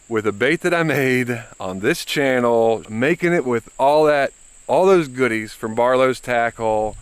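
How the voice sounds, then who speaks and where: A man's voice: medium pitch, clear, resonant tone, no room sound. A man vlogging as he fishes outdoors on the water, exclaiming and talking straight to his viewers. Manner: excitable, exclaiming, talks to viewers. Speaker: fishing vlogger. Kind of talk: casual talk to camera while fishing.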